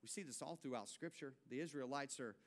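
A young man preaching a sermon, telling a family story with animated, acted-out quotes. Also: medium pitch, fast. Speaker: pastor.

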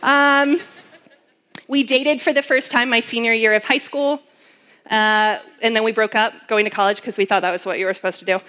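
A woman's voice: a little high, steady tone, normal speed, sharp tone. A young woman giving a personal testimony sermon as a campus minister, telling her story earnestly with many fillers.

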